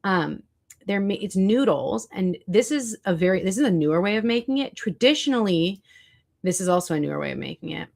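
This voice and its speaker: A woman's voice: medium pitch, animated, fairly quick, vocal fry, darkish tone. A woman hosting a casual livestream, chatting with viewers and looking up foods online as she talks. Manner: chatty, reacts to chat and searches food online. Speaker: livestream host.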